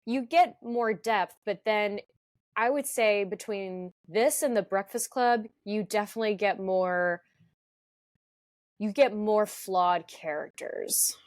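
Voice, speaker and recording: Female podcast co-host, medium pitch, wry and conversational, dry close sound. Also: takes it slowly, dry recording. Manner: dry, wry, brief interjections. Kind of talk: casual chat.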